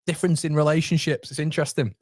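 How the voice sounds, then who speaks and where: A man's voice: fairly high pitch, steady tone, quick pace, dry recording, clean studio sound. Chatty young man reading live chat. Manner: chatty, matey, laughs often, addresses viewers by name. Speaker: fan channel host reading live chat. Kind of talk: casual live watchalong chat.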